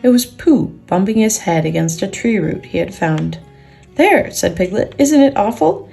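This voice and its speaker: A woman gently and expressively reading a children's book aloud, with soft guitar music behind. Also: lowish voice, creaky. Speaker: storyteller and sculptor.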